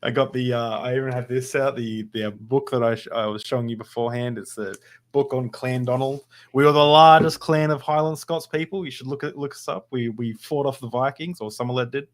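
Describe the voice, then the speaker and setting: A man's voice: mid-range voice, a little fast. A man hosting a podcast interview, chatting casually, laughing often and stopping on fillers. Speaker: podcast host.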